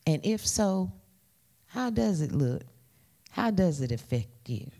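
A woman preaches a sermon with a lively voice that swoops high and low. She speaks slowly and draws out her words, playfully calling on the congregation to repeat after her. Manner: playful, calls for congregation responses.

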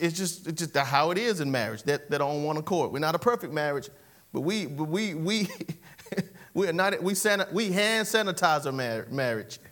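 A man preaching a lively sermon, animated and repetitive, leading call-and-response and laughing often. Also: fairly high pitch.

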